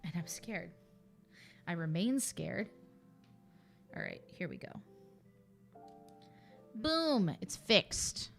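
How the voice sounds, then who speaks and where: A woman's voice: fairly low pitch, very animated, drawn-out words, creaky, pauses often, a bit bright, soft background music. A woman streaming in casual, chatty commentary, thinking aloud with playful asides.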